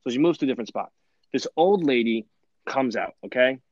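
A young man telling stories in a rambling podcast chat, animated and full of fillers and laughs. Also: medium pitch, fairly quick, no echo, highs cut off. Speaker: podcast host. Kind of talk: casual storytelling chat.

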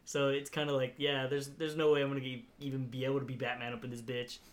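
Quick and level in tone, a mid-range male voice spins a long, meandering story on a podcast. The young man swears without restraint, laughs plenty, and pads his speech with "like" and "you know."

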